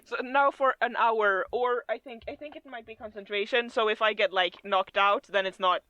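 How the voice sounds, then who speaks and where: A woman plays a tabletop game, talking in a wry, rambling way. Her voice sits slightly high. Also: steady tone, moderate pace, bright, forceful tone, no room sound, lo-fi sound. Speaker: player. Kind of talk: casual game chat.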